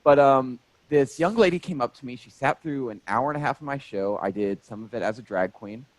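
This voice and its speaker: A man in his thirties tells stories from his stand-up life, jokey and animated. His voice sits mid-range, and the sound is dry, close and free of room echo. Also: mid-range voice, a little fast. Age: 30s. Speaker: stand-up comedian guest. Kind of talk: casual interview storytelling.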